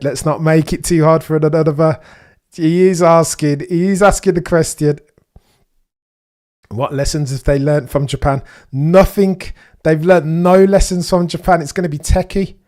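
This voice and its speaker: A young man hosting a live race watchalong, chatting excitedly to his viewers and firing off rhetorical questions. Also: on the high side, unhurried. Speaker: livestream watchalong host.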